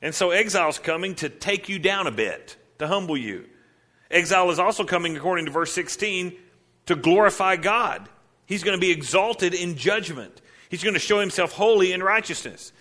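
A man preaching, his voice bright and carrying as he fires off rhetorical questions. He leans into the voices of the people in his stories and then drops back to explain verse by verse. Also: high voice, animated, moderate pace. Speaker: pastor. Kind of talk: sermon.

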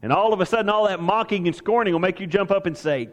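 A man's voice: high voice, quick pace, hardly any pauses, in a large hall. A man preaching a sermon as pastor, talking with emphasis and asking his listeners rhetorical questions.

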